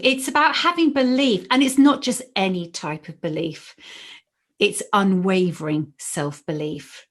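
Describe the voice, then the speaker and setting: A woman's voice: mid-range voice, unhurried. A British woman in her late forties, a podcast host and former teacher, telling stories in an earnest, emotional way and repeating herself for emphasis. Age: 40s. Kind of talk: podcast interview storytelling.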